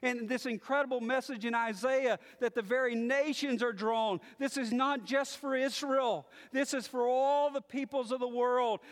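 A man preaching a sermon, moving from quiet musing to loud declaring. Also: very high voice, long reverb tail. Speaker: pastor.

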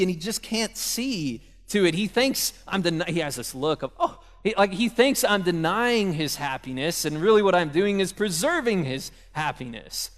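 A young man preaching a sermon in a casual, conversational way, telling stories from home and speaking directly to parents. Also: high voice. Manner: conversational, storytelling with asides to parents. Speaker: pastor. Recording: long reverb of a hall.

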